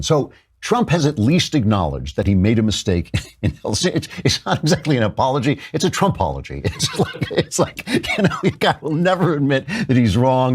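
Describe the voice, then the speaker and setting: A man's voice: medium pitch, a little mellow, breathy edge. A middle-aged male talk show host giving wry, amused political commentary and laughing often as he talks.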